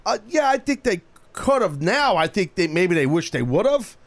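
A man hosting a call-in radio show who talks in a brash, slangy, animated way. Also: high-pitched, moderate pace. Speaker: radio talk show host.

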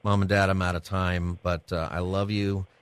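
A deep-voiced man hosts a live radio show in a relaxed, heartfelt way. His voice sits close and dry on the studio mic. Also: moderate pace, clear, resonant tone, no echo. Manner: conversational and heartfelt, chuckling often.

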